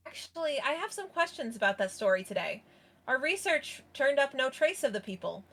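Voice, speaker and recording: A woman's voice: sits high, very animated, a little fast, fairly bright tone, heavily acted. A woman reading the part of a dry, questioning male researcher in her own voice. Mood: skeptical. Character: skeptical young male researcher interviewer.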